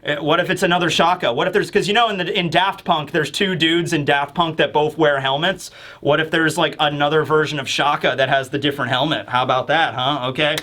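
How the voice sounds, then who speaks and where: A young man gives a casual, animated recap and commentary on a manga chapter, speaking a little fast with few pauses. His voice is high for a man, bright and forceful, and he keeps jumping into even higher voices to act out the characters' lines.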